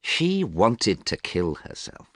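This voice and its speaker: A man's voice: on the low side, sing-song, slow pace, full character voice. A man voicing a vain, cold young man who talks in a languid, haughty way. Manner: languid, haughty, sometimes sharp.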